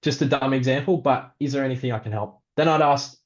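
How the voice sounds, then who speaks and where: A man's voice: mid-range voice, fast talker. Chatty male pastor, lo-fi sound. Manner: conversational, relaxed, frequent ums, acts out example phrases. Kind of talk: practical leadership teaching talk.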